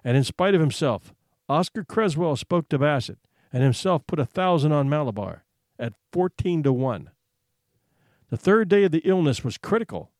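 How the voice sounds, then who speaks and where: Man reading a story with lively expression. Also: a little high, normal speed, no room sound, studio quality. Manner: expressive, suspenseful, hushed for tension. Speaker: narrator. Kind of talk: dramatic reading of a short story.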